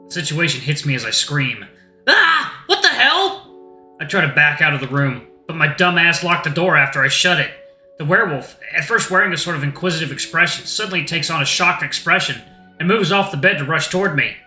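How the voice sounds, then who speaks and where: A man's voice: fairly high pitch, quick pace, sharp tone, reverberant, soft background music. A man hosting a gaming channel who casually reads a story game aloud. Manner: casual and rambling, with slang. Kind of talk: reading a visual novel aloud.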